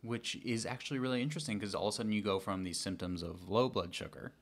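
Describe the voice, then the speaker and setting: A man with a fairly low voice co-hosts a relaxed chat show. He explains things steadily and informatively, dotting his sentences with fillers. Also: quick pace. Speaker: co-host. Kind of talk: casual chat.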